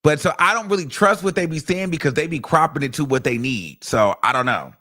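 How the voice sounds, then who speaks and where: A man's voice: on the high side, a little fast. Chatty, profane male stream host. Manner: chatty, animated and profane, with lots of fillers. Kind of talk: casual commentary stream.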